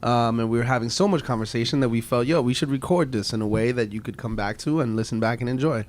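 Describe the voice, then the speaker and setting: A man's voice: medium pitch, quick pace, a little mellow. Laid-back young man moderating a podcast. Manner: laid-back, chatty, lots of "like" fillers. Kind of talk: casual podcast chat.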